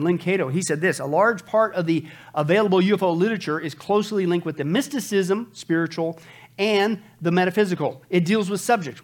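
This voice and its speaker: A man preaches a sermon in a high, emphatic voice. He keeps asking the congregation rhetorical questions and answers them himself.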